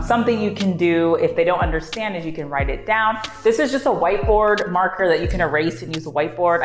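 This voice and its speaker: A woman, an online English teacher, giving animated, upbeat tips on teaching kids. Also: fairly low pitch. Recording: roomy echo with faint music.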